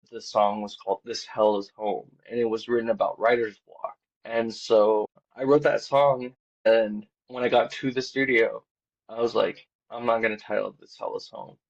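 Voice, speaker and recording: The audio is muffled and dull as this podcast guest, a band's vocalist, wanders casually through a story from his life. Quiet and understated by default, he rises in volume when excited, filling his telling with "like" and quoted dialogue.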